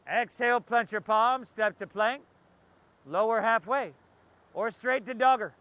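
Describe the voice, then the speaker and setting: A man's voice: high voice, unhurried, pushed and bright, no echo. A man leading a guided yoga class outdoors, calling breath cues with playful joking asides. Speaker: yoga instructor. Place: outdoors by the ocean.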